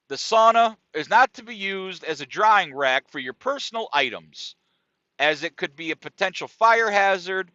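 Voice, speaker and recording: A man's voice: sits high, unhurried, no room sound. A man hosting a comedy podcast, telling a story as a casual, profane rant and often asking "right?" and "dude". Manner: animated, profane, keeps checking in with "right?" and "dude". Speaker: podcast host. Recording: dry, dull lo-fi sound.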